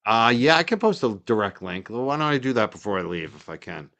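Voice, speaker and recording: A man's voice: lowish voice, sing-song, fast, fairly bright tone. A man from the North Shore of Massachusetts with its accent, hosting a casual livestream in a rambling, chatty way with lots of fillers. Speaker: livestream host.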